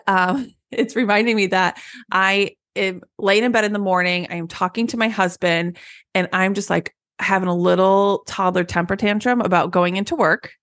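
A woman's voice: mid-range voice, no room sound, clean studio sound. A woman hairstylist co-hosting a casual chat, telling stories and acting out peppy voices. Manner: lively storyteller, acts out peppy voices. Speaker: podcast co-host, hairstylist.

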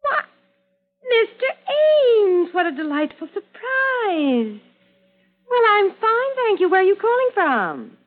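A coy older radio schemer. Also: female voice, extremely high pitch, big pitch swings, full character voice. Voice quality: drawn-out theatrical delivery. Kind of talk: 1940s radio acting. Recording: tinny old radio broadcast.

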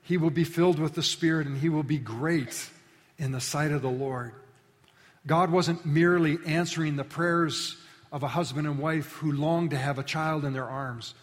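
A man preaching a sermon as pastor, swinging from loud rallying calls to quiet, low appeals. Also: fairly even intonation, moderate pace. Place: church sanctuary. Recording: long reverb of a large hall.

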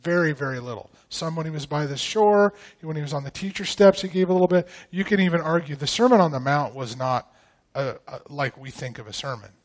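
A man's voice: fairly high pitch, a little fast. A man from the northern United States, a guest pastor giving a sermon in a casual, conversational way and putting questions to the congregation.

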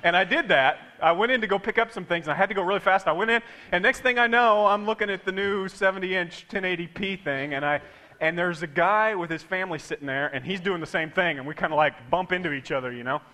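A middle-aged man preaching a sermon, telling stories in an animated way and acting out quotes. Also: high voice, fast.

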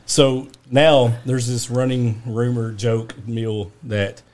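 A man co-hosting a podcast, telling an anecdote in a slow, deadpan way. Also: medium pitch. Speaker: podcast co-host. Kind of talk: casual podcast storytelling.

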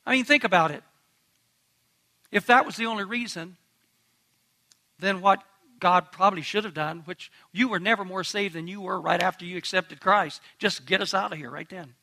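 A man's voice: high voice, normal speed, long pauses, bright, forceful tone. A man pastor preaching a sermon in an earnest, emphatic way, asking the congregation direct questions.

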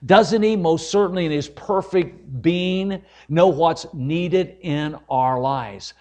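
At a church service, an evangelist delivers a sermon in a slow, slightly mellow voice that sits on the high side. His style is fervent and homespun, calling the congregation folks again and again and building to forceful climaxes.

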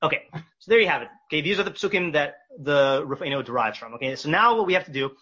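Husky bright-voiced man teaching a text class. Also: on the high side, expressive, highs cut off. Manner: reads Hebrew verses slowly, translates with fillers and restarts. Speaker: Torah teacher. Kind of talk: casual text study class.

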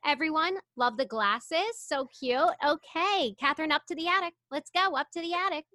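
A woman's voice: sits high, normal speed, bright, forceful tone, no room sound, clean studio sound, pitched above the performer's own voice. A woman doing a bossy, pushy mother. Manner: overbearing, talking over a work call. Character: pushy middle-aged mother, bossy and loud.

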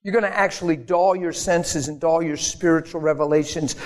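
Earnest preacher with a ringing hall. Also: male voice, steady tone, fairly quick. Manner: conversational, earnest, bursts into high mock voices. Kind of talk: sermon. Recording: long reverb of a church hall.

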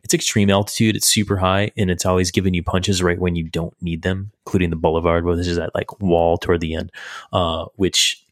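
A man who hosts a podcast and coaches cyclists, chatting and teasing his guest. His voice sits very low, and the recording is dry and close with no room sound. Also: level tone, a little fast, no echo. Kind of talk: casual chat.

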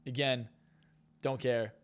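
Fast and boastful, a hypnotist and success coach spins stories as a guest in a casual podcast interview. He speaks in a mid-range voice, keeping his intonation fairly even.

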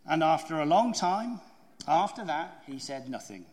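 A man preaching a sermon in a high, very animated voice, telling stories and asking rhetorical questions. The sound carries a long reverb from a large hall. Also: normal speed. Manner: storytelling, asks the congregation rhetorical questions. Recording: echoey hall.

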